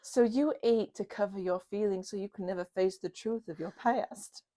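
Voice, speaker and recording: A woman's voice: mid-range voice, warm tone. A woman playing a raccoon character in a tabletop game, playful and teasing. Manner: playful, teasing, quick to laugh. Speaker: player.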